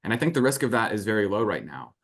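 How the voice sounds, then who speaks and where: A man with a low voice answers interview questions at a brisk clip. He speaks as an analyst and packs his answers densely with policy terms. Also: big pitch swings. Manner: rapid, analytical, jargon-heavy. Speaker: research firm guest.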